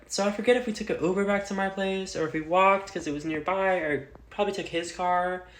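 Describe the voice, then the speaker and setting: A woman's voice: lowish voice, fairly bright tone. A young adult woman telling a casual storytime vlog, chatty and full of fillers, swearing freely. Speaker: vlogger. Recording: roomy echo.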